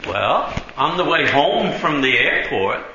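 Slow-paced and sharp in tone, this preacher's fairly high voice swings widely in pitch as he tells sermon stories casually, dropping in "you know" and "right" often and sometimes laughing. Faint noise sits under a dull, roomy recording.

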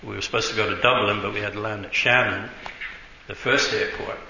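A man's voice: on the low side, steady tone, a little fast, creaky, sharp tone. A man preaching a sermon, telling stories in a loose conversational way, often adding "you know" and "right", and sometimes laughing as he speaks. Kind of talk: sermon storytelling. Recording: roomy, dull, faint noise.

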